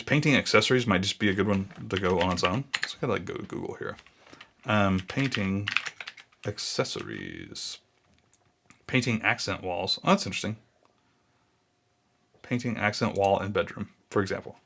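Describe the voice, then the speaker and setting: A man in his thirties with a lowish voice talks through a screen recording, thinking aloud and drifting off track. Keyboard typing clicks behind him. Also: a bit bright, a little hiss or hum. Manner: thinking aloud, easily sidetracked, muttering. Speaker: blogging YouTuber. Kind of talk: casual screen-recording walkthrough.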